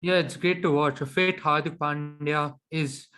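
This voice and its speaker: A man's voice: fairly high pitch, steady tone, a little slow, bright, forceful tone, clean tone. A man co-hosting a podcast in casual chat, opinionated and chatty with frequent ums. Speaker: podcast co-host.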